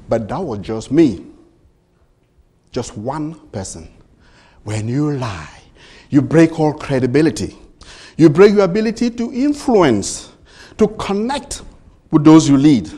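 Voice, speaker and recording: A man giving a motivational speech, telling stories dramatically with deliberate pauses. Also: sing-song, mellow. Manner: dramatic storytelling with sweeping pitch and deliberate pauses. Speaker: public speaker.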